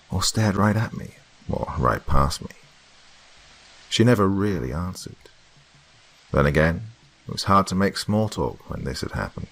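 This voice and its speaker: A man's voice: deep voice, slightly rough, rough recording. A man telling a first-person horror story in a grave, dramatic way.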